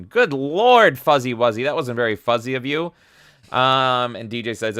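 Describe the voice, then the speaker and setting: A man's voice: medium pitch, brisk, fairly bright tone, no echo, clean studio sound. A man hosting a livestream, energetically reading viewer comments aloud and reacting with casual profanity. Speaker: livestream host.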